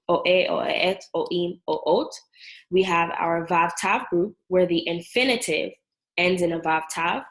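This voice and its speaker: A woman's voice: fairly low pitch, poor audio. Patient woman teaching Hebrew verbs. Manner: clear, patient, drills sound patterns slowly. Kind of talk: language lesson.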